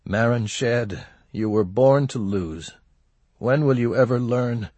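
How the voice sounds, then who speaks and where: A man's voice: mid-range voice, slow pace, darkish tone, husky, no echo. A man voicing a miserable, hungover innkeeper who whines and groans. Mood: despairing. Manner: whining, groaning.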